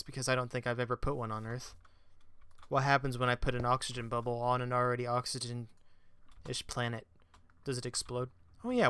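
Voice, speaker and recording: Gaming host, male, bright clear voice on a dry close mic, chatty commentary with mock-angry outbursts. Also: mid-range voice, dry recording. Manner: chatty, flares into mock-exasperated rants; self-mocking. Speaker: let's play gamer. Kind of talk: casual gameplay commentary.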